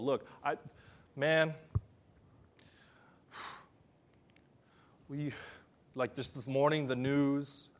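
A man preaching a sermon, swinging between loud emphatic bursts and quiet, soft asides. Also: medium pitch, steady tone, extremely slow, long pauses. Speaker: pastor.

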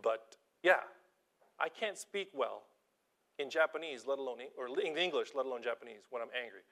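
Bright-voiced animated male preacher. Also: mid-range voice, moderate pace. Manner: animated, self-deprecating, jumps between quiet asides and loud emphasis. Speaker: preacher and schoolteacher. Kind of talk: informal sermon with personal stories.

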